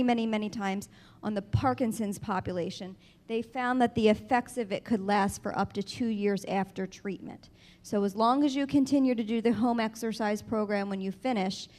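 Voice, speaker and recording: A woman speech-language pathologist giving a clear, explanatory conference presentation, stressing key advice to patients and caregivers. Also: fairly high pitch.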